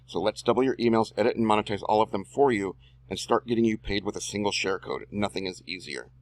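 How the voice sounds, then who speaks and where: Editing a screen-recorded tutorial, this male online marketer and video host reads the copy aloud at a quick clip in a fairly low voice. He talks to himself, tossing in drawled slangy remarks, and the recording is dry.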